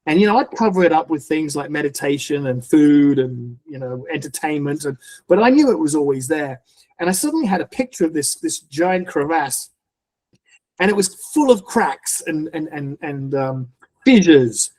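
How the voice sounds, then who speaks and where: A middle-aged man, a podcast guest, telling a personal faith testimony in earnest, halting speech full of restarts. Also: a little high, expressive, darkish tone.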